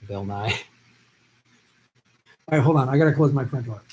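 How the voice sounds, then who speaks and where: A man's voice: mid-range voice, normal speed, a little mellow, rough recording. A man hosting a casual live stream at home, chatting easygoing with viewers and laughing often, his voice tiring after a long session. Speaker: live stream host answering viewer questions.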